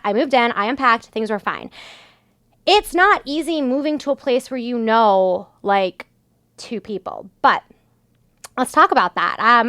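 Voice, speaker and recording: A woman's voice: on the high side, no room sound, clean studio sound. A young adult woman hosting a podcast, telling a story in a casual, exasperated way with lots of filler words. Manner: exasperated, animated retelling with many "like" fillers. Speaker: podcast host.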